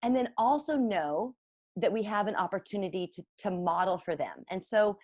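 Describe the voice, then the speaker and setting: A woman's voice: mid-range voice, lively intonation, moderate pace, a little mellow, no echo, studio quality. A woman in her forties, a parent coach, giving an earnest, encouraging workshop presentation with slides. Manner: earnest, encouraging, repeats for emphasis.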